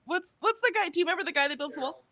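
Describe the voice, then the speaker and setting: A woman's voice: very high-pitched, expressive, racing, sharp tone, a little hiss or hum. An American woman co-hosting a livestream in casual chat, reading out viewer comments and laughing often. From United States. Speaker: livestream co-host.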